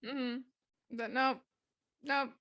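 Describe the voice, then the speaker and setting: Animated woman telling a story, dry sound. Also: sits high, extremely slow, no room sound, muffled recording. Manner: animated, laughs often, acts out quotes. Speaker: podcast co-host. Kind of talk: casual storytelling chat.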